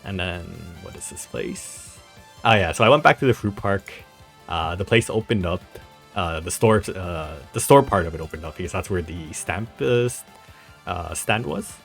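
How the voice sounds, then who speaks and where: Low-voiced man casually narrating a travel vlog. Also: expressive, normal speed, creaky, soft background music. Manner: rambling, filler-heavy, laughs often. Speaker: travel vlogger.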